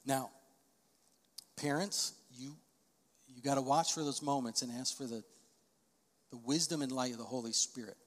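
Middle-aged guy preaching, mid pitched voice, long hall echo, builds up loud when he drives a point home. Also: fairly even intonation, moderate pace, long pauses. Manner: storytelling, swells to emphatic loud peaks. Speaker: pastor. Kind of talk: sermon. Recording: long reverb of a large hall.

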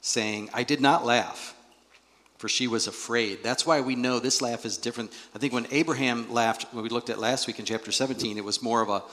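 A male pastor preaching a sermon in a church, animated and acting out the voices he quotes. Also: medium pitch, a little fast. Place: church sanctuary. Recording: long reverb of a large hall.

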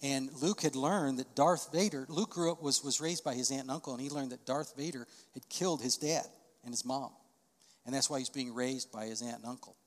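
A middle-aged man preaching a sermon as pastor, telling stories and swelling to loud, emphatic peaks. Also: mid-range voice, a little fast. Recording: long reverb of a large hall.

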